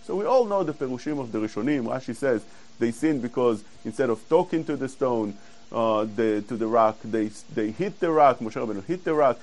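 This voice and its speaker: A man giving a Torah class, explaining verses earnestly and quoting Hebrew quickly. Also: medium pitch, animated, a little mellow, faint music behind, low-quality recording. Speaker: Torah teacher.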